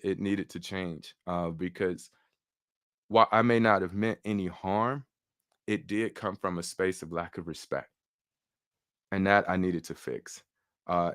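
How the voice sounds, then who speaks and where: A man's voice: low-pitched, dry recording, clean studio sound. A man hosting a live online summit, talking casually with lots of fillers and restarts. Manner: animated, chatty, many fillers and restarts. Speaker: summit host.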